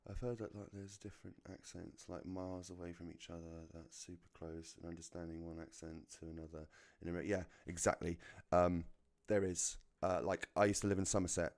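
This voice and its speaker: A man's voice: low-pitched, level tone, a little fast, hardly any pauses, darkish tone. A British man with a neutral British accent, chatting casually while streaming a racing game, swearing freely and laughing at his own jokes. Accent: neutral British English. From United Kingdom. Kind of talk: casual chat while gaming.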